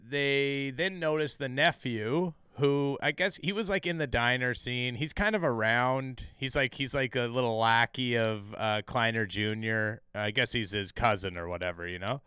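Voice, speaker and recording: A man's voice: medium pitch, normal speed, hardly any pauses, bright, forceful tone, clean tone, no echo, studio quality. A man co-hosting a podcast, recapping a TV episode in casual, profane chat full of fillers and restarts.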